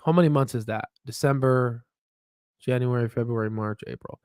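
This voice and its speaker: A man hosting a casual stock market video, rambling and excitable, with frequent profanity and restarts. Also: medium pitch, normal speed, smooth, no echo, clean studio sound. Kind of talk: casual market commentary with screen share.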